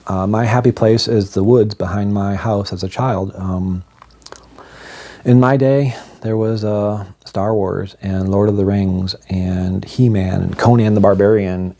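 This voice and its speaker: A man's voice: on the low side, fairly even intonation, measured pace, warm tone. A man telling a personal story in a casual vlog, with wry, self-deprecating humor.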